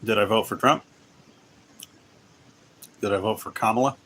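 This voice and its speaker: A man's voice: fairly low pitch, normal speed, fairly bright tone, slight background noise. A man hosting a casual livestream while playing a game, rambling and restarting sentences as he chats with viewers. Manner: rambling, self-interrupting, laughs often. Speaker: livestream host.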